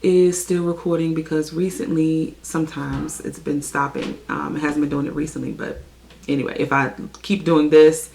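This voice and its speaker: Young american woman vlogging in her basement, lowish voice, lots of ums. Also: little pitch movement, moderate pace, creaky, darkish tone, slight background noise. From USA. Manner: chatty, many "um" fillers, apologetic asides. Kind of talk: casual vlog talk to camera. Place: home basement.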